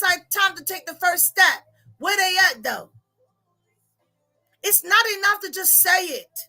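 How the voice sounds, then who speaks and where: A woman life coach speaking, giving a lively motivational talk that turns to preaching to a live audience. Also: very high-pitched. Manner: expressive, laughs often, calls out to the audience.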